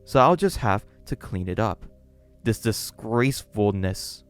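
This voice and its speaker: A man's voice: on the low side, lively intonation, a little slow, clean tone, soft background music. Man doing a creepy doting gothic stalker woman. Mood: doting menace. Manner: sweetly menacing, scolding.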